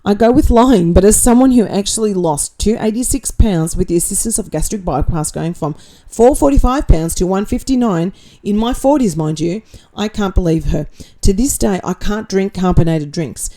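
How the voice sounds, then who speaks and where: On a casual livestream, an Australian woman reads viewers' comments aloud and answers with blunt sarcasm, swearing freely. Her mid-range voice is warm and expressive, and she keeps a moderate pace.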